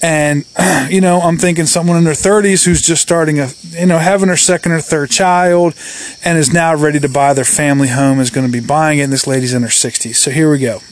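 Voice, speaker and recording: Man, real estate agent, casual storytelling, slightly high voice, chatty, animated. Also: brisk, a little hiss or hum. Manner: chatty, many fillers and restarts, animated.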